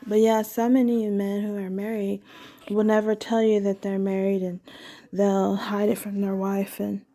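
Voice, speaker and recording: A woman's voice: mid-range voice, little pitch movement, normal speed, mellow. A woman talking in a casual, meandering personal monologue, candid and often correcting herself mid-sentence.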